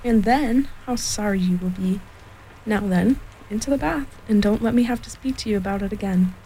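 A woman voicing a cheerful, firmly motherly female kangaroo in a storybook reading, soothing but brisk. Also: mid-range voice, dark tone, slight background noise, close to an everyday voice, low-quality recording.

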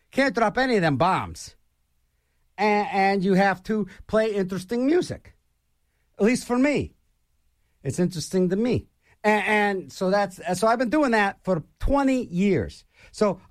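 A middle-aged male radio DJ rambles on air with a high, lively voice that swoops up and down. He restarts his sentences and piles on fillers. The sound is close and dry. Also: no room sound. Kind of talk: casual on-air DJ chat.

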